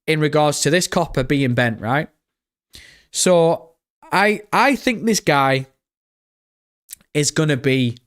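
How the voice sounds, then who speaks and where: Give me a young British man hosting a live stream, chatty and worked up, talking straight to his chat. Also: a little high. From Britain. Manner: excitable, swears often, chats directly to viewers.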